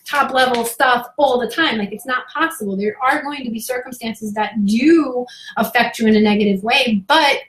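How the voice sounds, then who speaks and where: A woman with a fairly high voice talks straight to her viewers, frank and emphatic, peppering her points with "like" and "right?". The room around her rings with a noticeable echo. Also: normal speed, few pauses, fairly bright tone. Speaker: spirituality coach. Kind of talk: casual live talk to viewers. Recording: roomy echo.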